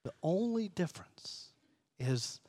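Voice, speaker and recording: A pastor reading a story aloud and preaching a sermon, measured and earnest, slowing and softening for emphasis. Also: male voice, high-pitched, very animated, no room sound.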